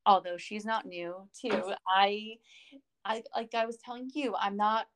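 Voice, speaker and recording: A woman's voice: medium pitch, steady tone, a little slow. A woman co-hosting a podcast, talking casually and rambling, with many fillers and restarts. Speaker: podcast co-host.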